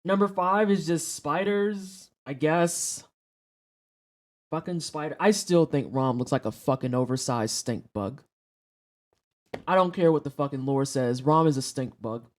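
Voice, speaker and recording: A game streamer talking to chat mid-session in a loose, unscripted way. The talk is crude and jokey, full of swearing and offhand teasing of the game. The pitch sits in an ordinary middle range. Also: measured pace. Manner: profane, joking, talks to chat. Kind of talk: casual livestream chat while gaming.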